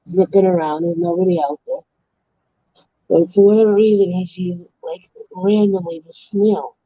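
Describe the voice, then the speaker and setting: A woman's voice: on the low side, normal speed, dark tone, slightly rough, dry recording, lo-fi sound. A woman hosting a livestream, casually telling long jokes. She trails off, restarts and corrects herself mid-story, and laughs at her own punchlines. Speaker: livestream host.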